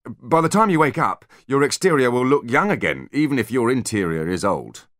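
A man's voice: mid-range voice, big pitch swings, a bit bright, no room sound, clean studio sound, pitched above the performer's own voice. A man voicing a jittery centaur techie. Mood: eager explaining. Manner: hurried, eager explaining. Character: nervous fast-talking male centaur technician.

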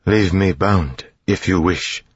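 A steady, businesslike woman of about fifty with a light accent, read by a man in a raised, husky voice. She stays calm and firm. The audiobook sound is dry and slightly muffled. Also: deep voice, slow pace, no echo, voice pushed up, full character voice. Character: middle-aged woman scholar, calm and firm.

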